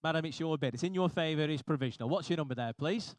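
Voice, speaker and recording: A man working as an auctioneer, calling bids briskly and repetitively with jokey asides to the room. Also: a little high, no room sound. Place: auction hall.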